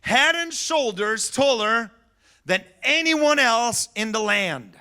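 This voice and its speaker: Animated, bright-voiced male pastor preaching. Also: very high voice, slow, smooth. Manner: animated storytelling with laughter and acted-out voices. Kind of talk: sermon. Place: church sanctuary.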